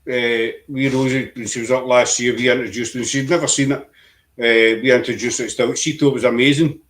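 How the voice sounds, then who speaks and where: A man from Glasgow with a Glaswegian Scottish accent, a podcast guest in casual chat who tells rambling stories with lively swings in pitch. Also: fairly quick. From Glasgow, Scotland.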